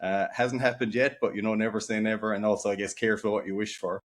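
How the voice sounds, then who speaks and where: A man's voice: fairly low pitch, little pitch movement, quick pace. A man in his forties with an Irish accent, a guest author chatting casually and rambling with fillers in a podcast interview. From Ireland.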